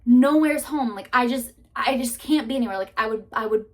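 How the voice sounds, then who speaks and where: A woman's voice: fairly high pitch, fast talker, a bit bright. Emotional young woman in a candid chat. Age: 20s. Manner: earnest and emotional, casual swearing, many likes and restarts. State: close to tears at times. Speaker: vlogger.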